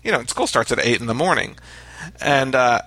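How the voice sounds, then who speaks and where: A man with a bright, forward voice reminisces in an easygoing chat. He wanders through his sentences with fillers. The sound is dry and close, with no room behind it. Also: medium pitch, normal speed, no room sound, rough recording. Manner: relaxed rambling with fillers. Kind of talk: casual chat.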